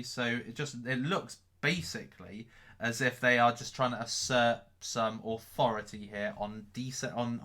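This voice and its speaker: A man's voice: mid-range voice, pushed and bright. A man hosting a casual live stream, reading out chat questions. He rambles, repeats his own phrases and swears offhand. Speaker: crypto livestream host.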